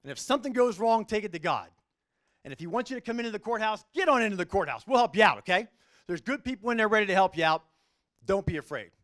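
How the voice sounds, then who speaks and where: High-voiced man telling a story. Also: fast talker. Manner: storytelling, earnest, animated delivery. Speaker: judge giving a talk. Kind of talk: faith-based speech to a business group.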